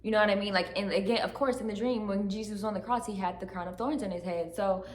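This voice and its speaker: A woman's voice: mid-range voice, fairly even intonation, quick pace. A woman speaks earnestly to her camera, recounting a personal spiritual turning point. She keeps checking in with "right?" and "like" as she goes. Her mid-range voice rings with a noticeable room echo. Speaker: channel host giving testimony. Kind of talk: emotional personal testimony to camera. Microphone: camera facing her. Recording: echoey room.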